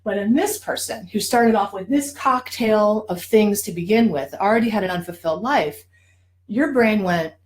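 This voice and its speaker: A woman coach explains things in a lively, casual teaching manner. She acts out little voices and keeps checking in with her listeners. Her pitch sits in a middle range. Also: normal speed, slight background noise, rough recording. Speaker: addiction professional and life coach.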